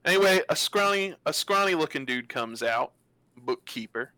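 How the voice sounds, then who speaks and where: Bright, lively game master man. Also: fairly high pitch, dry recording, rough recording. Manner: animated, laughing, trying on quick character voices. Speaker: dungeon master. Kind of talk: narrating a tabletop game.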